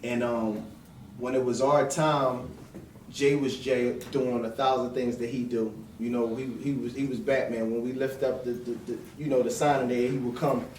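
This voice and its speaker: A man's voice: mid-range voice, flat delivery, moderate pace, darkish tone, a little hiss or hum. A man with a mid-range voice chats casually and jumps in eagerly to add to the story. He sounds distant from the mic in an echoing room, with faint ambience behind him. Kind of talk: casual chat.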